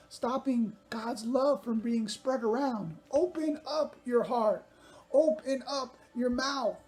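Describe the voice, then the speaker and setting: A woman's voice: on the high side, a little mellow. A woman giving an upbeat children's sermon, talking straight to young viewers. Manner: upbeat, talks directly to kids.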